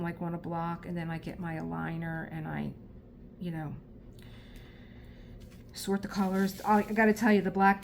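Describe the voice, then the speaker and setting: South philly lady rambling on while she crafts, kinda low voice, laughs a lot. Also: slight background noise. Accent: South Philadelphia. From Philadelphia, USA. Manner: rambling, chatty, laughs often. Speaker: crafting vlogger. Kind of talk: casual chat while crafting.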